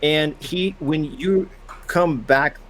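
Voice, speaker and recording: Relaxed man running a tabletop game. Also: on the high side, takes it slowly. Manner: casual, hesitant narration with fillers. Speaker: game master.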